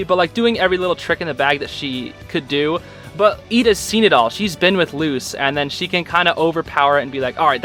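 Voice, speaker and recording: A young man giving a casual, excitable recap of a show episode, full of filler words. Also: sits high.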